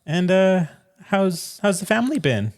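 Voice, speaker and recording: A man voicing a cheery, gently probing female school therapist in a sing-song, overly sweet voice. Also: high voice, sing-song, measured pace, pitched above the performer's own voice, heavily acted. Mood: sweetly probing.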